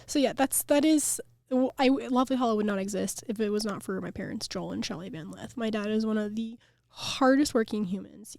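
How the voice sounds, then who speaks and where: A woman's voice: medium pitch, gravelly, darkish tone, no echo, studio quality. A young woman who owns a flower farm, talking in a casual, chatty podcast interview and saying "like" a lot. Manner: chatty, heavy use of "like".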